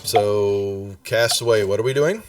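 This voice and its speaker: A man's voice: on the low side, a little slow, faint music behind. A man running a tabletop game as dungeon master, laid-back, with frequent ums. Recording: voice picked up far from the mic.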